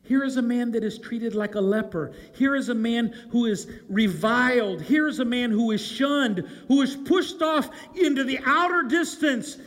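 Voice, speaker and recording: A man preaching a sermon, telling the story with animation and swinging from loud calls to hushed, low lines. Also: moderate pace, few pauses. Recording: long hall reverb.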